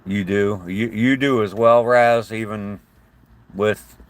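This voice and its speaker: A man's voice: on the low side, fairly even intonation, slow. An older man from southern Ohio with a slight southern twang, chatting casually and rambling on a live stream as host, greeting viewers by name. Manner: chatty, rambling, friendly to chat. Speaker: livestream host.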